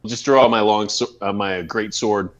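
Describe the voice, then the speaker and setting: Excitable man playing a tabletop game. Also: fairly low pitch. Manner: excitable, quick to laugh. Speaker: player. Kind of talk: casual tabletop play.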